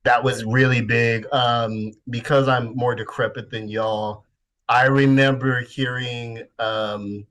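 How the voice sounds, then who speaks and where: A man's voice: mid-range voice, takes it slowly. A man in his forties from the Bay Area talks in a loose, reminiscing way, dropping the odd swear word. His voice sits in an ordinary middle range. It is an easygoing podcast conversation. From San Francisco Bay Area. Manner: relaxed, reminiscing, swears casually. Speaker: podcast host. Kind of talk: casual chat.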